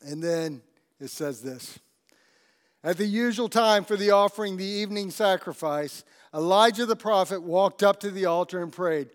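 A man preaching a sermon, telling a scripture story with animated storytelling and asking the congregation questions. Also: high-pitched, normal speed. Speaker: pastor.

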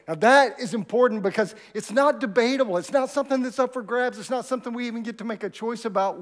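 A man's voice: high voice, big-room sound. A man preaching a sermon as pastor of his church, talking conversationally and asking the congregation questions. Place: church sanctuary.

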